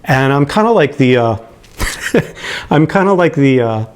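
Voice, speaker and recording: A man's voice: mid-range voice, a little slow, clear, resonant tone. Man in his late 50s, heartfelt storyteller. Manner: animated, acts out the people he quotes, chuckles as he talks; gets emotional. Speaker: guitar owner telling his story. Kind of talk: personal storytelling to camera.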